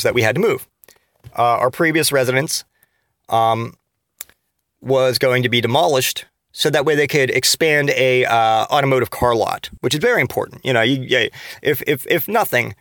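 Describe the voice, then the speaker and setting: A man's voice: mid-range voice, vocal fry, fairly bright tone, no echo. A man hosting a podcast, ranting in a casual comedic monologue full of swearing, sarcasm and restarts. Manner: profane, sarcastic rambling rant; frequent restarts and trailing asides. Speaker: podcast host.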